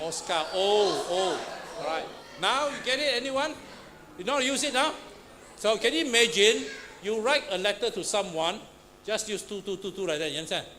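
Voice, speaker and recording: This Pathfinder class instructor has a voice that sits high with a sharp tone. Quizzing students in a church classroom, he keeps saying "huh?" and "all right," and the recording picks up a noisy room.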